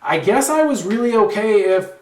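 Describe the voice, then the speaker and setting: Lively rambling man, slightly high voice. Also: normal speed. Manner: lively, rambling with many fillers. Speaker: guest storyteller. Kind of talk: casual storytelling chat. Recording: roomy echo.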